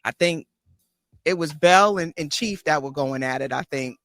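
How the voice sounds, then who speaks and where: Forceful, reflective woman host. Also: deep voice, moderate pace. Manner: reflective, thoughtful, with restarts. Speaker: therapist and life coach, host. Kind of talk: casual conversation.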